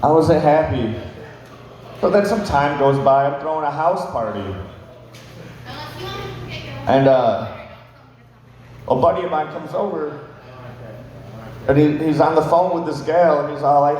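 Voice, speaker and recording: A man's voice: on the high side, expressive, normal speed, long pauses, darkish tone. A young man in his twenties doing stand-up storytelling, rambling and swearing with lots of fillers. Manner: rambling, profane, filler-heavy. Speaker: stand-up comedian. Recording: echoey hall with long reverb.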